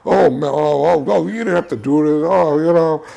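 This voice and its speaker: A man's voice: on the high side, moderate pace, creaky, warm tone. A man quoting a veteran projectionist in his fifties, fumbling and placating, with repeated "you know"s.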